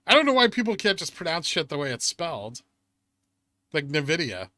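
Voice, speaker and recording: A man's voice: high voice, very animated, quick pace, bright, forceful tone, dry recording. A man streaming live, reading chat aloud and bantering in a sardonic way, swearing often and laughing at himself.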